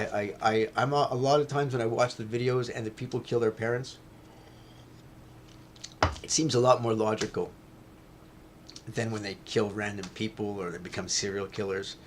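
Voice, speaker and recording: A man talking to his viewers in a loose, rambling monologue, repeating himself and swearing, getting loud as he retells a fight. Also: medium pitch, fairly quick, slight background noise. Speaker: vlogger.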